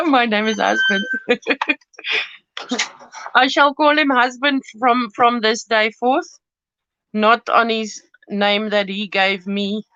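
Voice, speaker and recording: Speaking slowly and pausing often, a woman uses a slightly high, bright, forceful voice with fairly even intonation. She's a craft channel host rambling and giggling in a chatty live-stream tutorial from her home studio, cutting paper as she talks. The recording sounds dull, lo-fi and dry.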